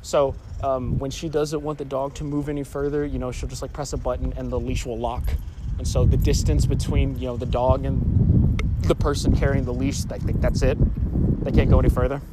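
A young vlogger with a mid-range, level-toned voice tells a story as an agitated, rambling rant, speaking fairly quickly. He swears a lot and keeps restarting his sentences, with a noisy street in the background.

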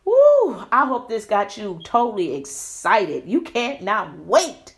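A woman's voice: medium pitch, very animated, slow pace, a bit bright. A woman hosting an inspirational Christian podcast, exuberant and preacherly, calling listeners "beloved" and "Shugs". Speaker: podcast host.

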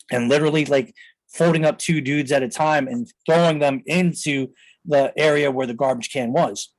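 A man's voice: medium pitch, dry recording, low-quality recording. A man in his thirties hosting a podcast, telling a personal story in a rambling way full of fillers, recorded on a close mic in a studio. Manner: rambling, filler-heavy, with "you know" and "like". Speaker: podcast host. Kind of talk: casual storytelling.

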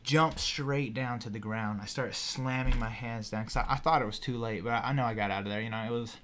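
A young man telling a wild personal story in casual podcast talk, animated and profane, with lots of "you know" and "like". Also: medium pitch, fairly quick, slight background noise. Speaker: podcast guest.

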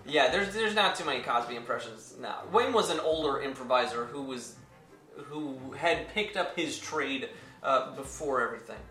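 A man's voice: medium pitch, animated, normal speed, bright, forceful tone, reverberant, far from the mic. A man in casual podcast chat, talking animatedly, often restarting and stammering. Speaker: podcast cast member.

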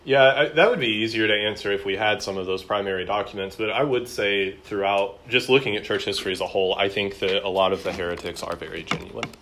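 A man's voice: on the low side, quick pace, hardly any pauses, a bit bright, a little hiss or hum. A man teaching a church history class in a conversational lecture, with frequent fillers and repeated words.

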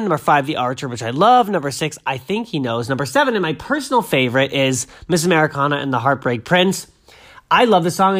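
A man in his thirties chatting casually about music, rambling and excitable, often losing his train of thought. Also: a little high. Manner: rambling, excitable, self-interrupting. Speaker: host.

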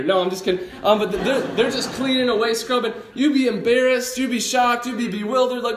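A man preaching a sermon in an animated, conversational way with casual asides. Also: high voice, fairly quick, hardly any pauses, roomy sound. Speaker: pastor.

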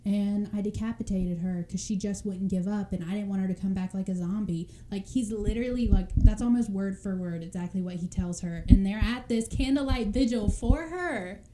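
A young woman tells a crime story in a loose, chatty way, slipping into quick voices for the people in it and laughing often. Her voice is dark and mellow in tone. A faint hiss sits under the recording. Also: mid-range voice. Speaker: podcast co-host telling a true crime story. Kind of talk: casual chat storytelling.

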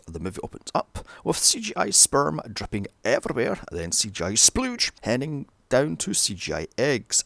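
Sarcastic British man with a gravelly voice. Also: mid-range voice, dry recording. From Britain. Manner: sarcastic, profane, wandering asides. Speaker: film reviewer. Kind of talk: sweary comedic movie recap.

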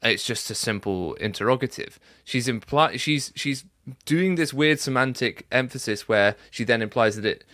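A man in a casual discussion over a video call, analytical and halting. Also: mid-range voice, fairly bright tone, dry recording, studio quality. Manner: analytical, halting, restarts often. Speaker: podcast co-host.

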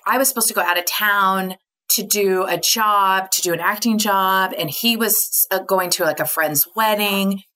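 A woman's voice: medium pitch, pushed and bright. A middle-aged woman, a podcast guest, telling her family story in candid conversation and often laughing. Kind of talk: casual interview conversation.

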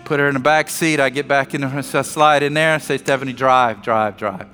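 A man preaching from the pulpit, his bright, forceful voice sitting a little high. He tells a personal story with joking asides and acts out each line of dialogue. Long reverb from a large sanctuary carries him, with soft music underneath. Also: level tone, fairly quick. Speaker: pastor. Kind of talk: sermon.

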